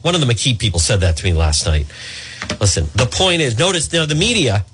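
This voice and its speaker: A man's voice: very animated, a little fast, background noise. A man hosting a talk radio show, delivering an opinionated monologue in a sarcastic, mocking way. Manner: sarcastic, mocks voices in a high put-on tone.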